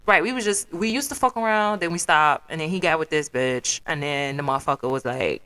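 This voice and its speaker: A woman's voice: low-pitched, fairly quick. A young woman from the South Side of Chicago with a Chicago accent, hosting her own podcast as a blunt, profane solo rant that slips into mimicked quotes. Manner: profane, blunt, animated storytelling with put-on quotes. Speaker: podcast host.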